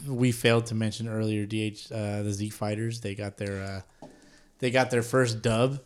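A man hosting a podcast in casual, profane chat, laid-back and quick to laugh. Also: fairly low pitch, little pitch movement, smooth. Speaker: podcast host.

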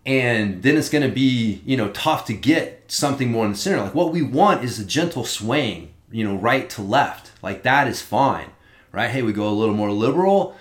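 A man in casual podcast chat, talking in an animated, rambling way and swearing often. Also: mid-range voice, normal speed. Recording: roomy echo.

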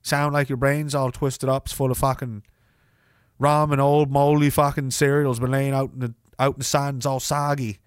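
A man's voice: mid-range voice, flat delivery, moderate pace, dry recording, clean studio sound, lightly acted. A man putting on a Nova Scotian accent to play a crude, profane local man who scolds bluntly and rambles. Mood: scolding. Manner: gruff, rambling, heavy swearing.

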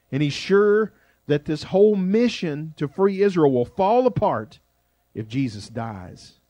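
A man preaching a sermon as pastor, shifting between loud emphasis and quiet, drawn-out phrases. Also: mid-range voice, no room sound.

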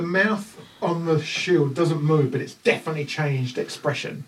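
Rambling New Zealand game master. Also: male voice, on the high side, normal speed, fairly bright tone, distant mic, a little hiss or hum. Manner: rambling, frequent ums. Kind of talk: narrating a tabletop game.

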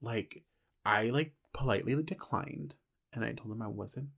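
A person in their twenties in casual chat, expressive and blunt, with loud reactions and swearing. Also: mid-range voice, moderate pace, gravelly, breathy edge.

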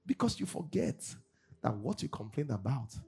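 A man preaching a sermon in church, swinging between loud bursts and low asides. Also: sing-song, moderate pace, gravelly, slightly rough. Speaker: pastor. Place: church service.

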